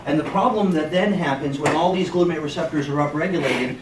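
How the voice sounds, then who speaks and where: A man speaks as a physician at a hospital conference, telling jokes and then lecturing in a casual, conversational way. His voice sits a little high for a man. The sound is distant and echoey, with room noise in the background. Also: fast. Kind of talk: medical conference talk.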